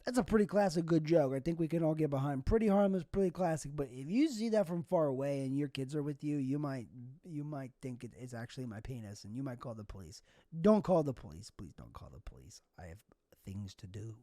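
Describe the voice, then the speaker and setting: A man's voice: a little high, lively intonation, quick pace, warm tone, dry recording, studio quality. A young man hosting a solo comedy podcast, rambling through goofy, absurd tangents. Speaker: podcast host.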